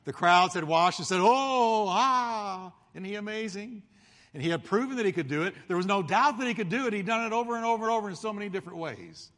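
A man's voice: high voice, animated, rapid-fire, hardly any pauses, fairly bright tone. Pastor guy preaching, slips into crowd voices for the story, long echoey hall. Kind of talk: sermon.

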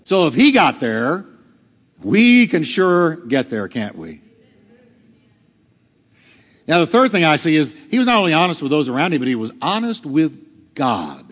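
A man's voice: fairly high pitch, big pitch swings, a little slow, pauses often, fairly bright tone, big-room sound. A male pastor preaching a sermon, acting out quotes with dramatic swings in delivery. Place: church hall.

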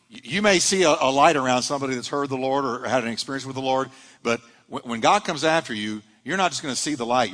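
A man's voice: medium pitch, a bit bright, long reverb tail. A male pastor preaching a sermon to his church, rising and dropping dramatically as he drives his points home.

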